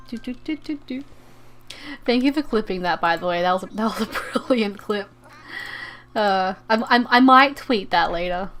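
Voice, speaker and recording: A young woman streaming a game, chatting casually in an excitable, rambling way, often stammering and repeating herself. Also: medium pitch. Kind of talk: casual live-stream chat while gaming.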